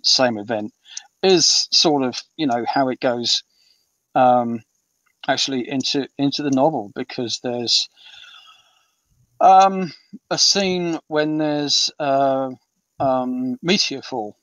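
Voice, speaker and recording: A man's voice: medium pitch, takes it slowly, long pauses, fairly bright tone, no echo. A British man in his fifties, an author being interviewed, talking in a rambling way with many ums and restarts. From Britain. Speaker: author guest. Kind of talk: casual interview chat. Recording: muffled, distant and dry.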